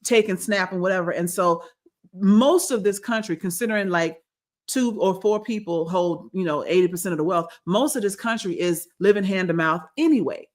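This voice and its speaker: A woman's voice: on the low side, normal speed. Woman talking politics on a podcast. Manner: rambling, with restarts and quoted voices. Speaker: podcast co-host. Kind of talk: casual political chat.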